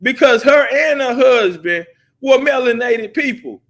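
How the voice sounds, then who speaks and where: A man's voice: very high voice, animated, a little slow, fairly bright tone. A male show host in a heated debate, arguing hard, talking over his guest in slangy speech. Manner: argumentative, talks over the other man, slangy.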